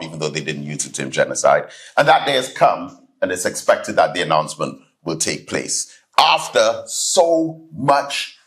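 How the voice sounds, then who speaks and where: A man giving a sermon-style keynote address in a hall, telling stories with lively acted-out voices. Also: low-pitched. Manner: animated storytelling, acts out voices in anecdotes. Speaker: keynote speaker, student minister. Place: hall, live audience.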